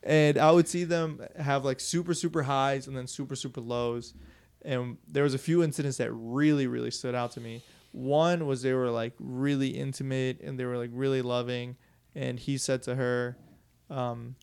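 A man's voice: medium pitch, fairly even intonation, moderate pace, gravelly, a little mellow, smooth. A young man telling a story on a podcast in a loose, profane way, laughing often. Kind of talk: casual storytelling chat.

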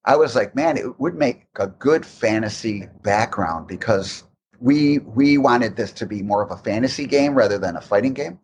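A man's voice: medium pitch, a little hiss or hum. A man in a casual interview, telling long, rambling stories about making a game, with many restarts. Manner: rambling, restarts often, animated anecdotes. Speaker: guest recalling game development.

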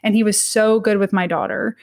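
A woman in her thirties, an academic guest in an interview, telling a personal story in an earnest, halting way with frequent restarts. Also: mid-range voice, fairly even intonation, a little mellow.

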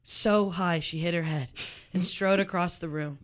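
Low-voiced woman reading aloud, giggly. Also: steady tone, unhurried. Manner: giggly, breaks off to add joking side comments. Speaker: reader in a group read-aloud. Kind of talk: casual reading aloud among friends.

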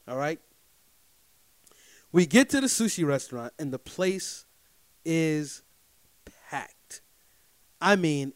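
Speaking directly to his audience in a slightly high voice, a man tells a personal story with animation and emphasis. He checks in with listeners often and moves between loud bursts and quiet, muttered asides. The smooth sound is close and dry, without any room sound.

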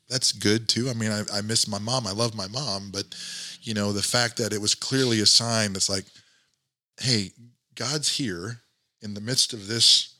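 A man's voice: lowish voice, sharp tone, dry recording, studio quality. Earnest man telling a personal story. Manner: earnest, reflective, many fillers. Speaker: guest.

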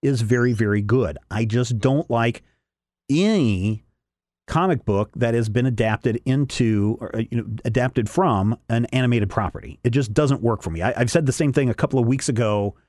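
Guy chatting about comics on a podcast, mid pitch, rambly, dry close sound. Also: moderate pace, a little mellow, no echo. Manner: rambling, with restarts and self-corrections. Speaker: podcast co-host reviewing comics. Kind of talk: casual review chat.

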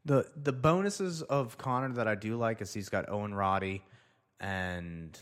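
Low-voiced man in loose solo chat. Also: measured pace. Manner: loose, rambling, talks to himself while reading. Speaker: podcast host. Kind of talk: casual solo commentary.

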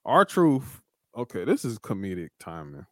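Laid-back low-voiced man on a podcast. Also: wildly swooping pitch, measured pace, no echo, studio quality. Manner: laid-back, swears freely, acts out quoted wrestlers. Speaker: podcast co-host. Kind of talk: casual wrestling chat.

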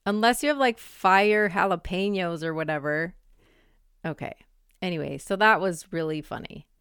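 A woman's voice: fairly low pitch, normal speed, a bit bright, clear, resonant tone, no room sound, studio quality. A woman in her forties hosting a podcast, talking in a chatty, rambling way full of fillers. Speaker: podcast host. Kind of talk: casual monologue.

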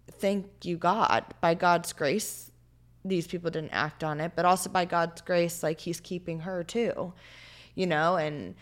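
A woman in her twenties tells a story in a casual interview, earnest and heartfelt, with many "like" and "you know" fillers. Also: fairly low pitch. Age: 20s. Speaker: podcast guest.

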